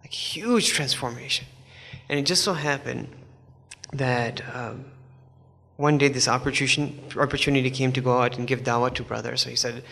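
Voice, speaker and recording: A man's voice: mid-range voice, fairly even intonation, moderate pace, gravelly, bright, forceful tone. A man telling a story in a sermon, in a conversational way with many asides. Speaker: preacher. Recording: long hall reverb.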